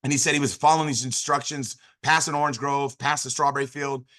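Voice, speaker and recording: A man's voice: medium pitch, fairly even intonation, fast talker, bright, forceful tone. A man in his fifties giving a motivational business talk, telling a long story with frequent restarts and filler phrases. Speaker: business opportunity speaker.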